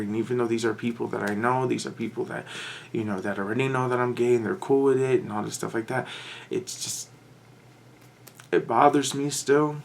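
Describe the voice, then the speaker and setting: A man talking in a halting, anxious way in a confessional vlog, often restarting his sentences. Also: on the low side, gravelly, slight background noise. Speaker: vlogger.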